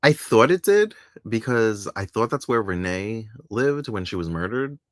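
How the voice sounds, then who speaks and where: Deep-voiced man in casual, laughing chat. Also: very animated, unhurried, fairly bright tone, no echo, studio quality. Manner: chatty, laughs often, quotes characters in a playful voice. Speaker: podcast co-host. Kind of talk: casual chat recapping a soap opera.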